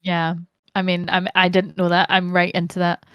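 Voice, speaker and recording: Animated Scottish woman telling stories. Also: on the low side, moderate pace, clean tone, no echo, muffled recording. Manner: animated storyteller, laughs and swears freely. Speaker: podcast guest, actor and streamer. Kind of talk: casual chat.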